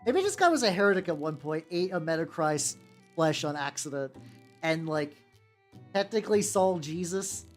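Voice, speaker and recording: A chatty miniature-painting VTuber talks to a live stream audience while working. The voice swings widely in pitch and rambles in loose, profane asides. Soft background music plays underneath. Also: expressive, moderate pace. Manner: rambling and profane, with frequent self-restarts; greets and chats with viewers while working. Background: faint background music.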